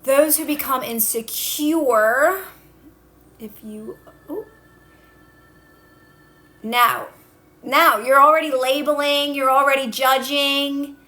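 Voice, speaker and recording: Woman, high voice, livestream coach, repeats calm instructions, phone mic. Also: slow pace, long pauses, faint music behind. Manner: coaching, repeats calming instructions, answers viewer comments. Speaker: manifestation coach. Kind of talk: casual TikTok live talk.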